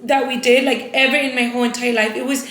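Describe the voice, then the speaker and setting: Young woman, vlogger, emphatic, dramatic storytelling, high-pitched. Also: flat delivery, fast talker, fairly bright tone, roomy sound. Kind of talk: casual storytelling to viewers.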